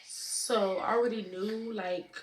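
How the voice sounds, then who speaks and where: Chatty teen mom in an echoey room. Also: female voice, mid-range voice, fairly even intonation, slow. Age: late teens. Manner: chatty, fillers like "you know what I'm saying". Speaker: vlogger answering viewer questions. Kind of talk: casual Q&A chat to camera. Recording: echoey room with faint noise.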